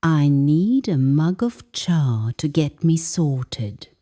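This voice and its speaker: A cheerful, busy mum of young kids, put on by a woman narrator. She exclaims in a slow, mellow voice that leaps up and down in pitch. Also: sing-song, full character voice. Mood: cheery.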